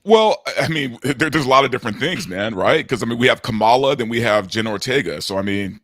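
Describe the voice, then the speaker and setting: A man's voice: medium pitch, expressive, brisk, fairly bright tone, no echo, clean studio sound. A man joining as a guest on a live stream, talking in a casual, laid-back way. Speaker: guest channel host. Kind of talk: casual chat.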